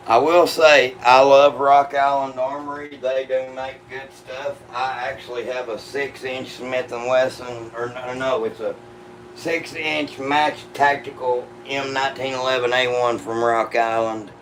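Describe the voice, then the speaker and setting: A man's voice: medium pitch, level tone, measured pace, a bit bright, slight background noise, rough recording. A man hosting a gun channel, answering live chat questions in a laid-back, profane, drawling way. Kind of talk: casual livestream chat.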